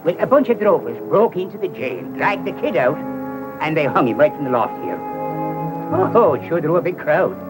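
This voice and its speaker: An actor plays a jittery stable man in an old western film, stammering and evasive. His voice is high and swoops up and down as he talks. Faint music plays behind him. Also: animated, natural voice, rough recording. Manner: stammering, fast-talking, evasive. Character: jittery small-town stable man, nervous. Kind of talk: 1970 western film acting.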